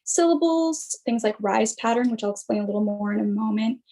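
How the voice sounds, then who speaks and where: Young woman presenting research over a video call, a bit high, lots of "um"s. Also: animated, a little fast, mellow, soft background music. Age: young adult. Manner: explanatory, with frequent fillers and restarts. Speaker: student presenter. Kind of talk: academic presentation.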